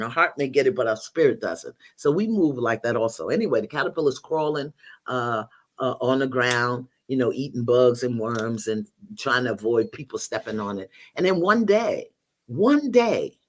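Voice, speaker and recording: A woman's voice: extremely low pitch, lively intonation, normal speed. An older woman, a guest teacher in a spiritual conversation, telling stories expressively, acting out bits of dialogue and laughing often.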